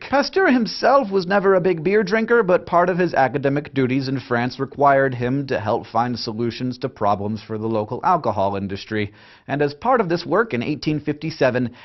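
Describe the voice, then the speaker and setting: A man hosting a science lesson, delivering scripted narration in an energetic, playful, emphatic way. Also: a little high, lo-fi sound. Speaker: science educator host.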